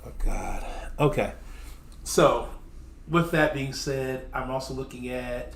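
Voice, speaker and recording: A man's voice: medium pitch, takes it slowly, echoey room, a little hiss or hum. A man hosting a mobile game stream, chatting casually with guests, often laughing and sarcastic. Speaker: streamer host. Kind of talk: casual gaming stream chat.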